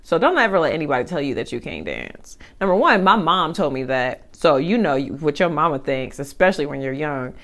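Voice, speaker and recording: A young woman chatting casually as she eats on camera, animated, with side remarks and chewing sounds between thoughts. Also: low voice, fairly quick, few pauses. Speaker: mukbang vlogger. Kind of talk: casual chat while eating.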